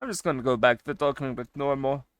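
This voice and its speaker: A man streaming and chatting casually with his viewers. He swings between loud excited bursts and quieter asides, and he swears casually. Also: mid-range voice, quick pace, dry recording. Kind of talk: casual chat with a live stream chat.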